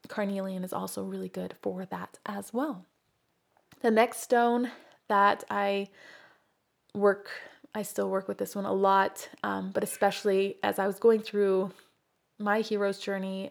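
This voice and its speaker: A woman's voice: medium pitch, gravelly. A middle-aged woman who owns a crystal shop, talking earnestly and from the heart about healing stones and her own life. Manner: warm, earnest, heartfelt storytelling.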